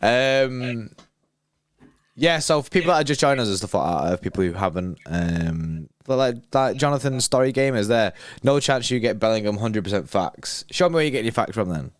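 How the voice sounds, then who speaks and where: A man's voice: mid-range voice, expressive, a little fast, no room sound, clean studio sound. A young man co-hosting a casual football livestream, chatty, laughing often and reading out viewer messages. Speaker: livestream co-host.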